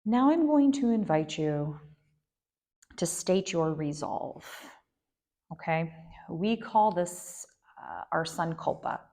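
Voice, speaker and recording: A woman guiding a yoga nidra meditation in a gentle, unhurried way, with soft asides and frequent fillers. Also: lowish voice, expressive. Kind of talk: guided meditation instruction.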